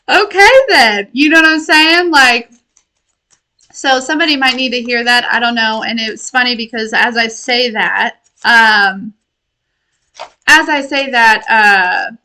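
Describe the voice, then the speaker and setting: A woman with a high, bright voice talks slowly to her viewers, wandering off on tangents and laughing often. She sounds affectionate as she delivers a casual spiritual message as a tarot reader. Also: rough recording. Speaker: tarot reader and intuitive healer.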